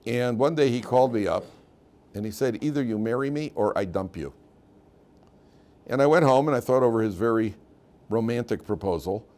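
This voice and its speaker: A man's voice: medium pitch, lively intonation, moderate pace, pauses often, a little mellow, close to an everyday voice. A man voicing an earnest young bride. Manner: earnest, recounting.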